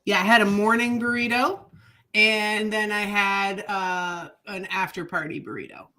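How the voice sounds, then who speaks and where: A woman's voice: mid-range voice, steady tone, measured pace, pushed and bright. A woman co-hosting a running podcast in a chatty, playful way, laughing easily. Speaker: podcast co-host. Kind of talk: casual chat.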